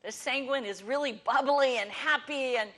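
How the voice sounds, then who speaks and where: A woman hosting a ministry talk show, explaining ideas with lively acted-out examples before turning to her guest. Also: sits high, normal speed. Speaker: host.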